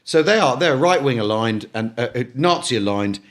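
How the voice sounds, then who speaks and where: A middle-aged man co-hosting a casual history podcast, talking in animated bursts with many restarts and repeated words. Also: mid-range voice, moderate pace. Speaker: podcast co-host.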